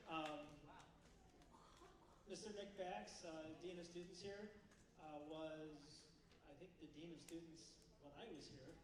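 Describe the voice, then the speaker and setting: A man's voice: on the high side, fairly even intonation, measured pace. A man, a band director, introducing a guest at a school concert in a chatty, storytelling way with plenty of fillers. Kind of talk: casual stage introduction. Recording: echoey hall from far off, noisy.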